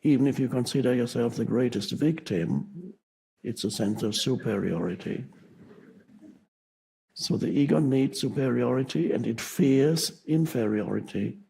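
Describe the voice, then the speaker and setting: A man giving a spiritual teaching talk, speaking slowly with pauses and halting restarts. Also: medium pitch, gravelly, warm tone, breathy edge, low-quality recording.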